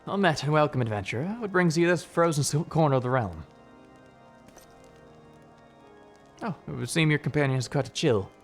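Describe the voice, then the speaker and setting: A man voicing a gruff, hospitable male tower keeper, slow and old-fashioned in speech. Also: fairly high pitch, animated, faint music behind, pitched above the performer's own voice. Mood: welcoming.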